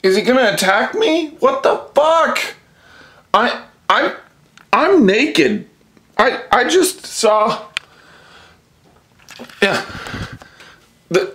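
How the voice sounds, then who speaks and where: A man's voice: high-pitched, sing-song, slow, pauses often, fairly bright tone. A startled man stammering and swearing in a casual home video, filmed on a phone inside his house. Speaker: vlogger.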